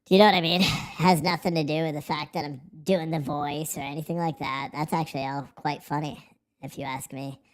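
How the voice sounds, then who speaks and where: A man's voice: a little high, fairly even intonation, fairly quick. A man hosting a casual live stream from home, swearing freely, goofing around and answering the chat. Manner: profane, goofy, talks back to the chat. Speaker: livestream host.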